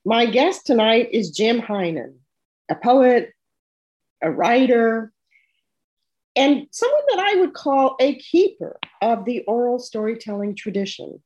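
A woman's voice: on the high side, animated, measured pace, a little mellow, lo-fi sound. An older American woman hosting an interview show, talking in a chatty way with frequent restarts. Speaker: show host. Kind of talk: casual interview chat.

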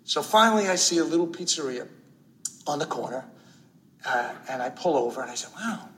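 A middle-aged man spins a personal story in a loose, conversational way. He peppers it with "you know" and keeps a wry edge. His voice sits slightly high and sounds bright and forward. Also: lively intonation, brisk, rough recording.

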